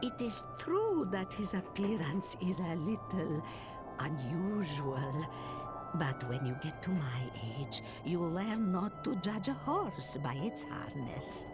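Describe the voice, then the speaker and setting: An actress playing a gentle, wise old woman who lives alone in the mountains, in a game's voice acting, speaking softly. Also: on the low side, big pitch swings, loud music behind the voice. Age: older. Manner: slow, gentle, soft-spoken. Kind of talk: game voice acting.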